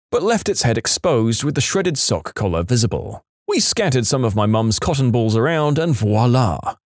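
A man reading submitted Reddit stories in an animated storytelling voice that swings widely in pitch. His voice sits at an ordinary middle pitch. The sound is close and dry, with no room around it. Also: no room sound. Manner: lively storyteller, acts out quoted lines. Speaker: story narrator.

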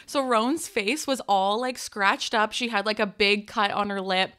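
A woman's voice: fairly high pitch, moderate pace, hardly any pauses, bright, forceful tone. A young woman co-hosting a podcast, telling a story in casual chat full of "like" fillers. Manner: chatty storytelling with frequent "like" fillers. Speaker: podcast co-host, wedding photographer.

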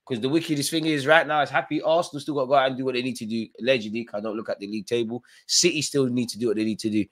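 A man hosting a live football watchalong, reacting loudly to the match with slangy banter and urging players on. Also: medium pitch, rapid-fire. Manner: excitable, shouts at players, slangy.

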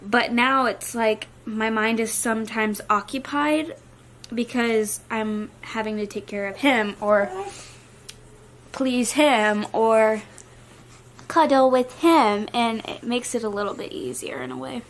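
A woman's voice: on the high side, slow pace. A young woman chatting casually to her viewers in a vlog, nauseous and worn down, filling her talk with "like". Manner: chatty, many "like" fillers. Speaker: vlogger. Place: at home with a baby.

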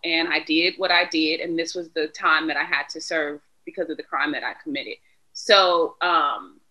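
A woman guest on a podcast, candidly retelling a personal story with lively quoted dialogue. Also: low voice, rough recording. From Philadelphia area. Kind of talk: casual conversational storytelling.

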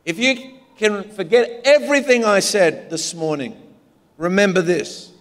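Man, Australian accent, pastor, high voice, joking storyteller, long reverberant hall. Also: a little slow. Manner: humorous storytelling, animated. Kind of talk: sermon. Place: large church auditorium.

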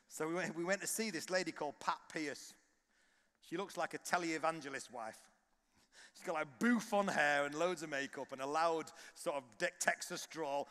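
A man preaching a passionate sermon that rises to loud exhortation at a conference. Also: a little high, moderate pace. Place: large conference hall. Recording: long hall reverb.

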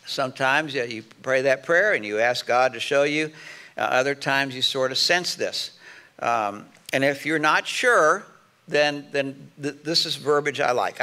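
Casting: middle-aged male pastor, raspy edge, slightly high voice, easygoing preaching tone. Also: expressive, moderate pace, pushed and bright. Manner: conversational preaching with quoted example lines. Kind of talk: sermon.

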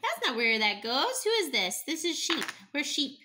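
Woman, young adult, phonics lesson for a child, sing-song, encouraging, high voice, swooping pitch. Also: sing-song, bright, forceful tone, a little hiss or hum. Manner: sing-song, encouraging, sounds out letters slowly. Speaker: parent teaching a child to read. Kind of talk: phonics teaching with a toddler.

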